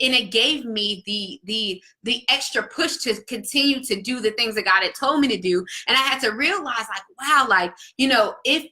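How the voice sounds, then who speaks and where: Earnest bright-voiced young woman vlogger. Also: sits high. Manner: emotional, earnest, testifying tone with many restarts. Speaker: vlogger and faith-based business coach. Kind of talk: casual heartfelt talk to camera.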